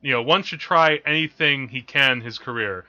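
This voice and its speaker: A man's voice: mid-range voice, normal speed, sharp tone. A man co-hosting a film podcast, rambling and correcting himself as he goes, often laughing at his own stories, on dull lo-fi audio. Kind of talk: casual chat about films.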